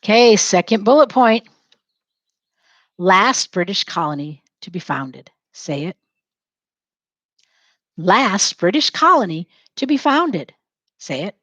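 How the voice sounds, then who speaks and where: A woman's voice: mid-range voice, slow, pauses often, no echo, lo-fi sound. A woman teacher leading a lesson, dictating notes and having students repeat each phrase, spelling words aloud and chatting to herself while she works. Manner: lively, talks to herself while working.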